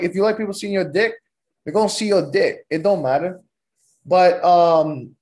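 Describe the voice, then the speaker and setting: A man's voice: on the high side, darkish tone. A young man telling profane, rambling stories in a loose, joking, casual way as a podcast host. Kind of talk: casual storytelling.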